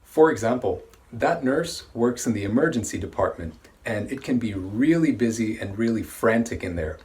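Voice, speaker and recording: Low-voiced man teaching pronunciation slowly. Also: animated, darkish tone. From Brunei. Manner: slow, careful enunciation of words. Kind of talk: scripted vocabulary lesson.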